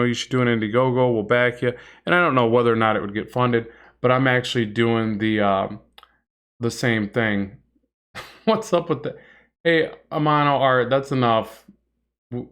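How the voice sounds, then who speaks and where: A middle-aged man chats through a comic drawing livestream, in a voice of middling pitch. He rambles a little, restarts his sentences and answers viewers as he works. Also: gravelly, a bit bright. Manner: rambling and chatty, many fillers and restarts, reads chat aloud. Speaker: comic art instructor and livestream host. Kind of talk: casual livestream drawing lesson, chatting with viewers.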